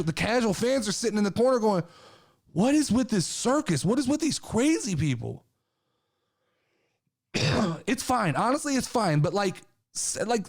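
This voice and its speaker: Podcast host, male, high voice, angry profane rant, hammering rhetorical questions. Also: a little mellow. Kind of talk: opinion rant.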